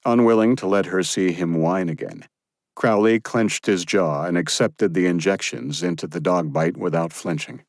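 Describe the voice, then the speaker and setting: A man reading an audiobook as the narrator, in a steady, even storytelling manner. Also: deep voice, normal speed, dry recording, clean studio sound. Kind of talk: scripted narration.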